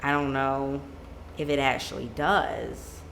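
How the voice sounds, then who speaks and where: A musician talks through a live stream at home in an unhurried, drawn-out way, wandering from point to point and padding thoughts with "like." The voice sits at an ordinary middle pitch, with a faint hiss of room noise behind it. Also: flat delivery, creaky, a bit bright. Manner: rambling, leans on "like" fillers. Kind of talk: casual live-stream chat. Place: home room with a plain white backdrop.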